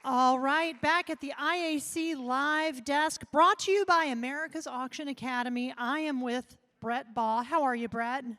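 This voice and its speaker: A woman's voice: high voice, normal speed, hardly any pauses, a bit bright. A woman hosting a live event desk, interviewing a contestant in an upbeat, chatty way.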